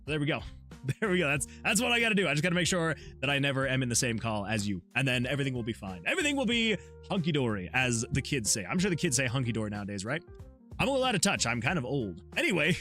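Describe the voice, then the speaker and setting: A man's voice: mid-range voice, very animated, fast talker, pushed and bright, soft background music. A man, a solo game developer, chatting casually on his livestream, laughing often and reading chat messages aloud. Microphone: USB desktop mic.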